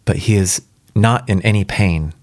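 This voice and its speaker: A restrained, uneasy messenger in a spoken story, formal and quiet in a low, deep voice, as a man reading aloud puts him on. The sound is dry and close. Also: moderate pace, dry recording. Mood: somber.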